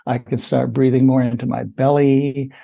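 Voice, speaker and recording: A man talks as a podcast interview guest, his voice gravelly and mellow with a husky edge. He explains things in a relaxed, unhurried way and often drops in casual "you know" asides. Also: mid-range voice. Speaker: podcast guest, running coach.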